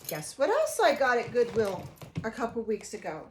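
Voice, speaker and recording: A woman's voice: on the high side, wildly swooping pitch, moderate pace, slight background noise. An older woman vlogging casually at home, chatty and emotional, rambling with frequent restarts. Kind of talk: casual vlog talk to camera. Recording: echoey room.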